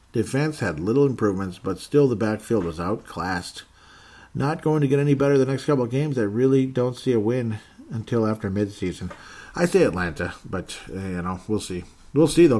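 A man's voice: on the low side, mellow, husky. A man hosting a fan podcast, reading listener comments aloud in a casual, joking way and laughing often. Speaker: podcast host.

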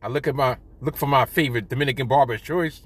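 A middle-aged man hosting a podcast, telling stories in an animated, profane, self-mocking way. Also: medium pitch, fast talker, dry recording. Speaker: podcast host. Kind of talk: casual storytelling monologue. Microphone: studio podcast mic.

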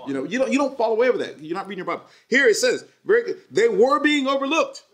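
A man preaching an energetic sermon at a church service, joking and doing playful voices while the congregation answers him. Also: very high-pitched, quick pace. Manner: lively, jokey preaching with playful put-on voices. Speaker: pastor.

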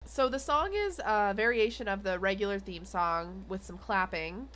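A woman's voice: medium pitch, normal speed, a bit bright, slight background noise. A young adult woman co-hosting a podcast, recapping an episode in casual chat with lots of fillers and giggles. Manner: rambling with many fillers and giggles. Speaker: podcast co-host.

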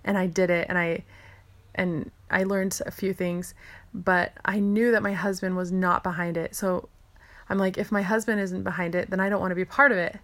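A woman's voice: on the low side, fairly even intonation, moderate pace, a bit bright. A young woman, a stay-at-home mom, telling a personal story in a chatty way, full of "like" and quoting herself and others.

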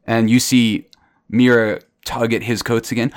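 A man's voice: medium pitch, little pitch movement, a little slow, dry recording. A man narrating as game master in a tabletop game, describing scenes plainly.

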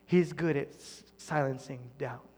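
Earnest pastor with a soft, hushed delivery. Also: male voice, on the high side, a little slow, in a large hall. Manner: earnest, often dropping to a soft near-whisper. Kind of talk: sermon.

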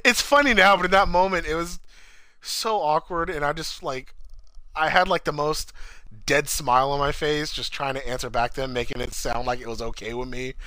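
A young man from California tells a story in casual chat, swearing often and acting out other people's lines in a high voice. He's animated and speaks at a moderate pace on a low-quality recording.

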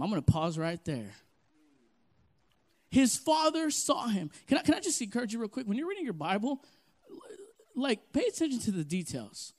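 A young male pastor with a high-pitched voice preaches with plenty of energy. He drops to soft, slow phrases, then swells into loud, punchy lines. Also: sing-song. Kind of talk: sermon.

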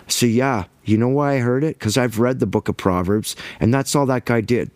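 A man giving an impassioned religious monologue, emphatic and ranting, with quick bursts and repeated words. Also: medium pitch, darkish tone, no room sound. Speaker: Christian commentator.

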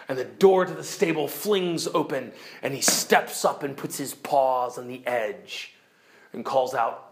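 A woman teacher retelling a story to her class, animated, swinging from bright exclaims to hushed, low dramatic moments. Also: measured pace.

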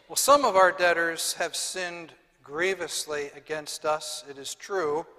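A man's voice: fairly high pitch, pushed and bright, long reverb tail. A man preaching a sermon as pastor, earnest and building to emphatic peaks.

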